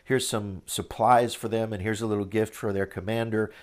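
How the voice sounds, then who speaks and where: A man's voice: on the low side, fairly even intonation, moderate pace, lightly acted. A man paraphrasing a kindly old father, casual. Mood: friendly. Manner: casual, friendly asking. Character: older male father, kindly and practical.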